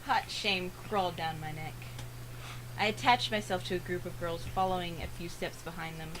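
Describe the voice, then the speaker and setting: A woman reading a visual novel aloud for a let's play, earnest, with dramatic pauses. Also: lowish voice, steady tone, noisy background.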